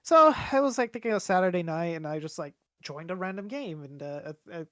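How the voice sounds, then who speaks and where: A man's voice: high-pitched, lively intonation, brisk, pushed and bright, dry recording, studio quality. A young man co-hosting a podcast, telling a rambling, swear-filled story with lots of fillers. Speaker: podcast co-host. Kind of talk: casual chat.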